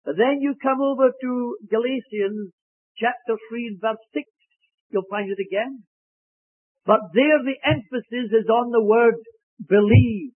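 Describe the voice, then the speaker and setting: Preacher, male, high husky voice, deliberate, weighty emphasis, tinny dry phone-like recording. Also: no echo. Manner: slow, emphatic delivery, stressing key words. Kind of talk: sermon.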